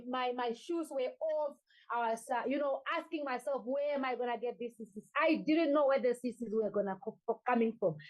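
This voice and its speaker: A woman's voice: high voice, darkish tone, poor audio. A woman coach giving a motivational talk to her sales team, urging them with repeated calls to act and focus. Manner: urgent, repetitive exhortation. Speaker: network marketing coach.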